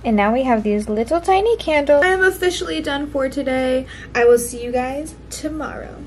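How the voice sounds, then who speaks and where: A young woman chatting to herself as she works on a crafting vlog, often slipping into soft asides. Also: high-pitched, fairly quick, faint music behind. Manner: chatty, talks to herself while working, drops to soft asides. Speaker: crafting vlogger. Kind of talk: casual crafting vlog narration.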